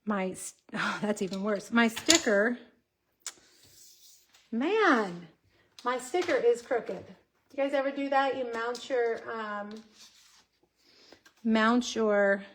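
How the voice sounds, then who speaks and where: A woman in her forties hosts a relaxed card-making stream and chats freely with her viewers while she works. Her voice sits a little high, and a faint hiss runs under it. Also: takes it slowly, long pauses. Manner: chatty, talks to viewers while crafting. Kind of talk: casual craft livestream.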